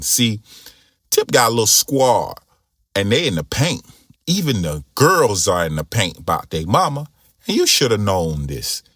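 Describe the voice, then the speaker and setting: A man's voice: medium pitch, a bit bright, no room sound, clean studio sound. A man hosting a commentary broadcast, talking bluntly in slangy, conversational opinion. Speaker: commentary channel host.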